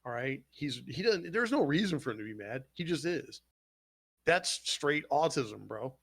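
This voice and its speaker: A man hosting a casual podcast chat, animated and swearing freely as he argues his point. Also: a little high, normal speed, vocal fry, breathy edge. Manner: animated, swearing, retells scenes with quoted voices. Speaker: podcast host.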